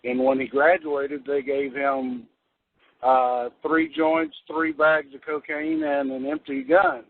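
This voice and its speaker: A man on a radio show casually telling an anecdote in a low-key way. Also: slow pace, vocal fry, breathy edge. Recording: tinny phone-line radio sound.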